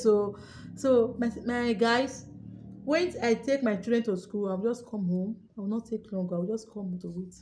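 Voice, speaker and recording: A young adult woman YouTuber telling her viewers a story in a casual vlog, acting out her own excited shouts. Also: on the high side, moderate pace, slight background noise.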